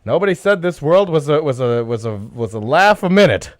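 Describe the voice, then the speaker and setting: A man telling a personal story live on the radio as host, chuckling often and breaking into loud yelling. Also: a little high, lively intonation, fairly quick, dry recording, studio quality. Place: radio studio.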